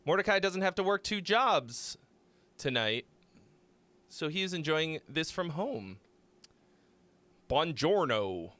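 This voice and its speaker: Brief: young male streamer, unhurried, bouncy intonation, casual and profane. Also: a little high, expressive, sharp tone, no room sound. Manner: loose, rambling, swears freely. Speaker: streamer hosting song critiques. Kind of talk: casual live-stream chat.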